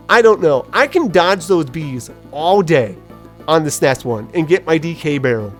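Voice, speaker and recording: A woman gives casual let's-play commentary as she tells a story. She laughs easily, pokes fun at herself, and her voice rises and falls in a very lively way. Faint game music plays underneath. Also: low voice, measured pace. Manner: animated storytelling, self-deprecating, laughs often. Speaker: gaming video host.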